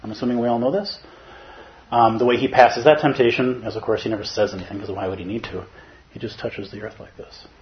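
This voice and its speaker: A man giving a Zen dharma talk in an animated, playful way, at times putting on other voices. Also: fairly low pitch, quick pace, highs cut off. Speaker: Zen teacher.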